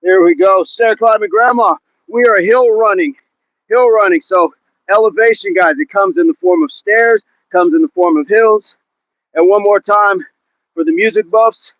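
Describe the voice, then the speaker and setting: A high-pitched man talks at normal speed through a muffled recording as he livestreams his outdoor workout. Slightly breathless, he grunts out his rep counts between easygoing chat with viewers.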